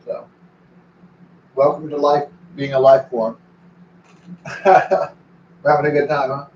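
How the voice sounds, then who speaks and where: A man's voice: on the high side, flat delivery, slow, darkish tone, slight background noise. A man in his forties rambling casually and profanely, breaking off to talk to his dog. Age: 40s. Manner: meandering, profane, talks to his dog between thoughts. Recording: echoey, distant, dull recording.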